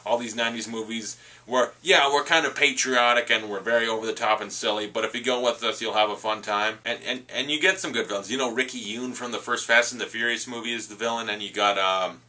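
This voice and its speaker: A man's voice: mid-range voice, steady tone, bright, forceful tone. A man giving a casual, rambling movie review full of asides. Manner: chatty, rambling with asides and quick impressions.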